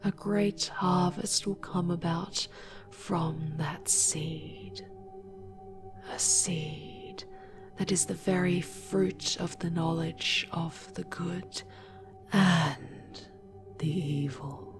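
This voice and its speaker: A woman's voice: on the low side, animated, full character voice. A woman doing a sinister whispering entity, whispered role-play. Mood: menacing. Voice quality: breathy, airy whisper. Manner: slow, drawn-out and menacing. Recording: music playing behind. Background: music.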